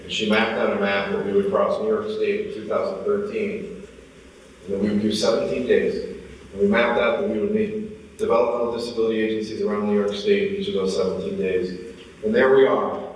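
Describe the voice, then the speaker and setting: A man in his forties giving a motivational speech, telling a personal story and getting more animated as he goes. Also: fairly low pitch, slight background noise. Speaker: motivational speaker. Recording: echoey hall, from far off.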